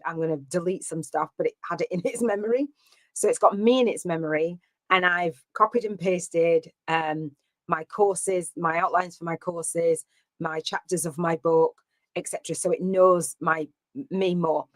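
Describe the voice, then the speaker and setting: A woman's voice: lowish voice, no room sound. A woman coaching live on a stream, chatty and rambling with many fillers and restarts. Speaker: business coach.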